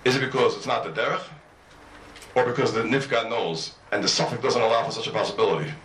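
A man's voice: medium pitch, quick pace, a bit bright, slight background noise. A man teaching a Talmud class. He mixes English with Hebrew and Aramaic study terms and keeps firing rhetorical questions at his students. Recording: roomy echo, mic at a distance.

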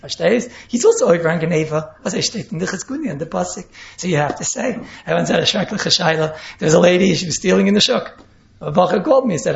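A man with lectures like a rabbi in a loose, rambling way, chuckling as he goes. His voice sits high for a man and has a gravelly edge. The recording is roomy and muffled. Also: a little fast. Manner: rambling, chuckling, mixes in Hebrew and Yiddish. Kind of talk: informal Torah lecture.

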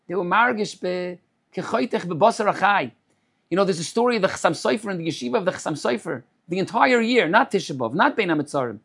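A man giving a Torah sermon as a rabbi. He speaks in a measured way, repeats phrases and weaves in Hebrew terms. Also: sits high, a bit bright.

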